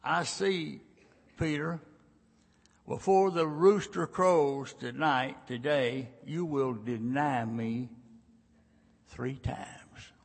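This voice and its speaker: A preacher quoting a solemn, gentle teacher. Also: male voice, on the high side, takes it slowly, vocal fry, heavily acted. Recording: long reverb of a large church.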